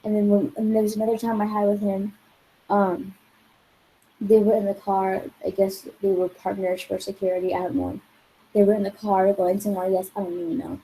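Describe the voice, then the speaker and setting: A woman's voice: medium pitch, little pitch movement, fairly quick, dark tone, a little hiss or hum, poor audio. A woman vlogger telling a rambling, exasperated story in casual talk, full of swearing and "like". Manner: rambling and profane, heavy use of "like".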